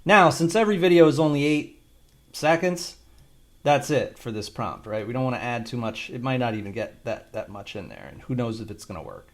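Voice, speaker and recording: A man's voice: mid-range voice, sing-song, brisk. A man talking through a screen-recorded tutorial, rambling and thinking aloud with casual swearing. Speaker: video creator demonstrating an AI video tool.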